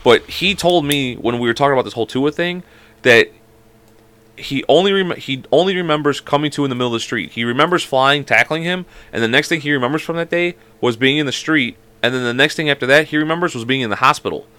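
A man co-hosting a casual sports podcast who tells stories rapidly and swears freely. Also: medium pitch, bright, forceful tone, clear, resonant tone. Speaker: podcast co-host.

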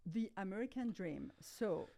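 A woman's voice: mid-range voice, animated, unhurried, creaky, mellow. A woman in her fifties from France, speaking English with a French accent as an upbeat podcast guest. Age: 50s. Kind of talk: casual interview.

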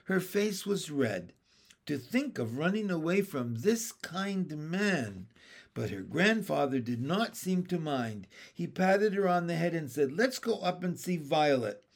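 A man narrating a children's chapter book aloud, reading slowly and expressively. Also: a little high, very animated.

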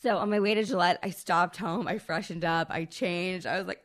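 A woman in her thirties with a fairly low voice tells a long personal story on a podcast. She talks in a loose, casual way, swears freely and stays animated throughout. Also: normal speed. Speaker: podcast co-host.

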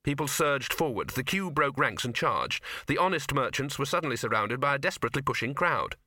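Clean studio sound without room noise captures a medium-pitched man reading a little fast. He narrates a comic fantasy novel as an audiobook, lively throughout and voicing each of its many characters in this scripted reading.

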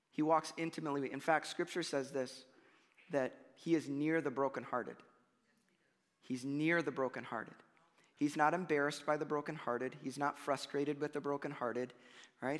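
Bright, high-voiced pastor, lively and chatty from the pulpit, long hall reverb. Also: male voice, moderate pace. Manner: animated, conversational preaching with frequent "right?" and "you know" asides. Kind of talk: sermon.

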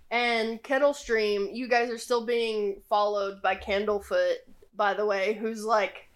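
Slow-talking young woman game master. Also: medium pitch. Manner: relaxed, with many fillers. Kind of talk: narrating a tabletop game.

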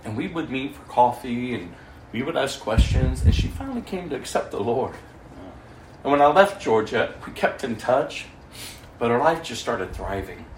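A man preaching his testimony as a story, swinging between loud stretches and hushed ones. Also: medium pitch, expressive, normal speed. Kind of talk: sermon testimony. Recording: echoey room, mic far off, faint noise.

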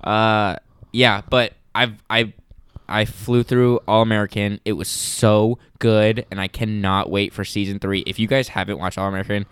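A young man co-hosting a podcast, telling stories in an excited, rambling way full of "like". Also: lowish voice, moderate pace, clear, resonant tone, no room sound. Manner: excited, rambling storyteller with many "like"s. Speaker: podcast co-host. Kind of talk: casual chat.

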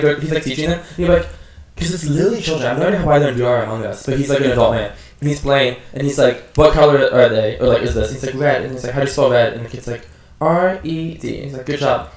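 A woman co-hosting a podcast, telling stories in an animated way with lots of fillers. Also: low voice, fast, reverberant. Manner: animated storytelling with many fillers. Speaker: podcast co-host. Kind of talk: casual chat.

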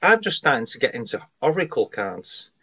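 A man, a guest psychic medium on a video call, talking in a rambling, halting way with many restarts. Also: mid-range voice, sing-song, sharp tone, breathy edge, dry recording, highs cut off. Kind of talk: casual live-stream chat.

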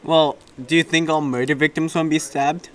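A young man co-hosting a casual chat, teasing his friend in a deadpan way. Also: on the high side, brisk. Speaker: co-host.

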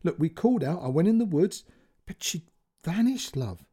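A man's voice: a little high, big pitch swings, dark tone, husky, voice pushed up, heavily acted. A man doing a tearful, frightened old dad. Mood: distraught. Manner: shaky, apologetic, halting speech. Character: frightened older father on the phone, tearful.

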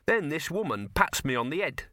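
A man's voice: a little high, big pitch swings, normal speed, bright, forceful tone, no echo, studio quality, pitched above the performer's own voice. A man voicing a scruffy, sardonic male talking dog who grumbles in slangy street talk. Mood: wry.

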